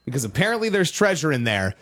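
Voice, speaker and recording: A man's voice: fairly high pitch, big pitch swings, fast talker, fairly bright tone. A man hosting a morning radio show, delivering upbeat, joking commentary. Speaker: radio host.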